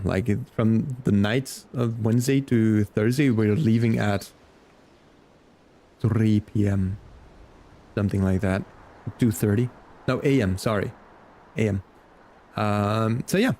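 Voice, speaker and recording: A man's voice: on the low side, dark tone. A man streaming a game, chatting casually and rambling to his viewers. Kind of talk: casual gaming stream chat.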